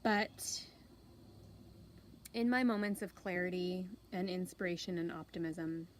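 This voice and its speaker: Low-voiced woman in her thirties, earnest. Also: slight background noise, poor audio. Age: 30s. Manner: open, earnest and unhurried, with soft pauses. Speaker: host. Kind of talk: reflective personal storytelling.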